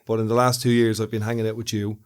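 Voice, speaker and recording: A man's voice: on the low side, level tone, fast talker, clear, resonant tone. A man co-hosting a podcast in casual chat, curious and asking questions, with a joking touch. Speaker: podcast co-host.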